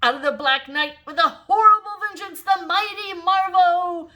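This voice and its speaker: An older woman plays a wild little girl who shouts dramatically in a high, ringing voice. She is a storybook character read aloud. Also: moderate pace. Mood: dramatic.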